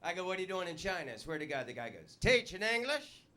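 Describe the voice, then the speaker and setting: A man performing a stand-up comedy set in a club, with a loud, punchy delivery. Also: sits high, sing-song, fast talker. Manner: loud punchy delivery, puts on voices for jokes.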